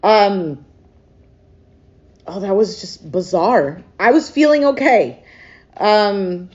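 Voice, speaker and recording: A woman doing a casual tarot reading to camera. She is emotional and thinks out loud, with frequent hesitations. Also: mid-range voice, slow, highs cut off. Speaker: tarot reader.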